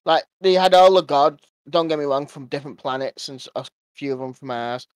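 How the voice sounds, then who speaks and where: A man co-hosting a casual gaming podcast, talking in an animated way and acting out what others say. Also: fairly high pitch, a little fast, smooth, no room sound, studio quality. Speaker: podcast co-host. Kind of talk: casual chat.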